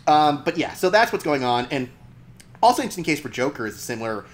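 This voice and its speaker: A man's voice: a little high, sing-song, quick pace. A man co-hosting a casual podcast chat about movies, thinking aloud with lots of fillers. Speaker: podcast co-host.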